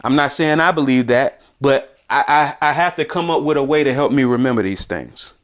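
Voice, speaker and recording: Speaking briskly at a medium pitch, an American man walks podcast listeners through some beginner Spanish vocabulary in a casual lesson. He thinks out loud and says each word again for the audience to repeat.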